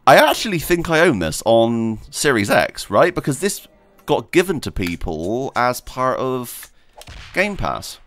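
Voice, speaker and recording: A man's voice: medium pitch, big pitch swings, measured pace, fairly bright tone, faint music behind. A man hosting a gaming video, chatting casually and rambling while he plays, laughing often and talking to himself. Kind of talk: casual gameplay commentary.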